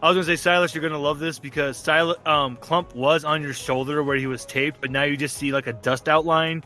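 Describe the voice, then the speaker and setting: A man's voice: fairly high pitch, fairly even intonation, brisk, pushed and bright, faint music behind. A man narrating as game master in a casual, rambling way, swearing and laughing often.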